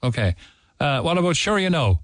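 A man with a Cork Irish accent hosting a radio chat, talking in a halting way. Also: fairly high pitch, big pitch swings, dry recording. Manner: halting, many fillers and restarts. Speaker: radio host. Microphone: studio mic.

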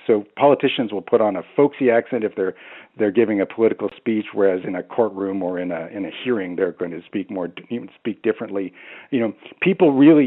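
A man's voice: medium pitch, phone-quality sound. A man speaking as a language expert on a radio phone-in, hesitant with many restarts and fillers.

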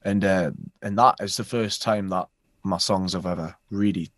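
A man with a Geordie accent, a musician guest chatting casually, relaxed and laughing easily. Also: low-pitched, moderate pace, dry recording, studio quality. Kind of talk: casual chat interview.

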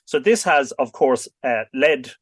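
A man's voice: medium pitch, animated, a little slow, dry recording, studio quality. A man on a radio interview, explaining history at length in a knowledgeable, rambling way with many fillers. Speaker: expert guest on radio.

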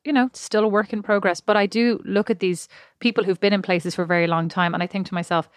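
A woman's voice: mid-range voice, steady tone, quick pace, dry recording, studio quality. A woman co-hosting a podcast, chatting casually and rambling, laughing often. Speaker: podcast co-host. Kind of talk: casual chat.

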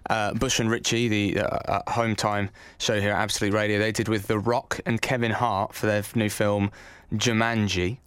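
A man's voice: fairly low pitch, level tone, fairly bright tone, clean tone, no echo. An English man hosting a sports podcast, chatting casually and laughing easily. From England. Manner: chatty, laughs easily, quick run-downs. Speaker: podcast host.

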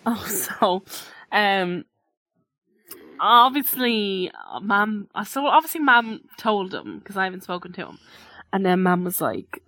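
A woman's voice: mid-range voice, lively intonation, moderate pace, a bit bright, no room sound. A woman co-hosting a podcast in casual chat, telling a story animatedly and acting out the dialogue of the people in it. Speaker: podcast co-host.

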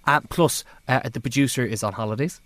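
A man's voice: mid-range voice, a little fast, fairly bright tone, no echo. A man with a Dublin accent, co-hosting a podcast in chatty, rambling talk. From Ireland. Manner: chatty, rambling, laughs easily. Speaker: podcast co-host. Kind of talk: casual chat.

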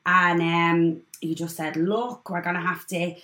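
A woman's voice: fairly low pitch, measured pace. A woman in her twenties with an Irish accent, telling a personal story as a guest in casual chat, acting out what others said. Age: 20s. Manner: animated storyteller, acts out others' lines. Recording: echoey room.

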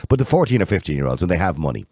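Deep-voiced, fast-talking Irish radio host. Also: male voice, big pitch swings, a little mellow, no echo, studio quality. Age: 60s. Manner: blunt, opinionated, quick to jump in. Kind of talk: casual radio phone-in chat.

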